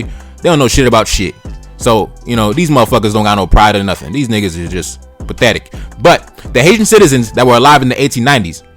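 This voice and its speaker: Fast-talking man with blunt slangy commentary. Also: medium pitch. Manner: blunt, profane, slangy asides between read passages. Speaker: history channel host. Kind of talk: casual history commentary, reading passages aloud.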